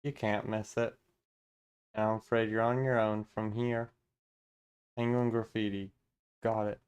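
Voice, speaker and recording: A man reading every part of a game story aloud in a steady, mostly plain voice, breaking off now and then for casual asides. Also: on the low side, a little slow, long pauses, clean tone, dull audio.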